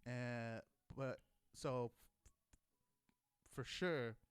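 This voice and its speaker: Young guy rambling thru a story, lots of swearing, smooth clear voice, dry close mic. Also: mid-range voice, extremely slow, dry recording. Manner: rambling, profane, frequent restarts and laughs. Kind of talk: casual anecdote.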